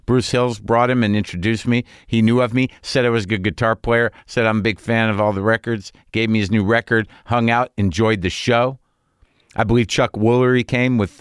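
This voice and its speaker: A middle-aged man hosts a podcast in a casual monologue, rambling and self-deprecating, often restarting and swearing. His mid-range voice has a clean tone, captured in a dry, studio-quality recording.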